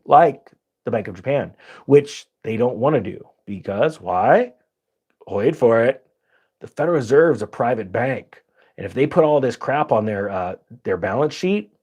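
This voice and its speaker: A man hosting a finance channel, giving casual, sarcastic commentary over charts with big jumps in pitch for emphasis. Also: a little mellow, slightly rough.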